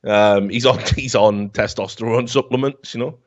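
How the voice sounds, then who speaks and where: With a lowish voice and fairly even intonation at normal speed, a man hosting a podcast talk show delivers a comic rant about a film, rambling, mocking and profane. It's recorded with a dull, lo-fi quality.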